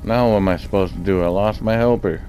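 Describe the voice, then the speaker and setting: A man's voice: sits low, quick pace, mellow. A man casually commenting on his own gameplay, chatty and laid-back, thinking aloud as he plays. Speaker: gaming channel host. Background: game music.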